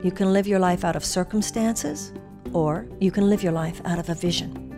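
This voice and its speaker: A woman giving an inspirational talk, earnest and animated as she tells a story. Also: on the low side, moderate pace, over music. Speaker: spiritual teacher.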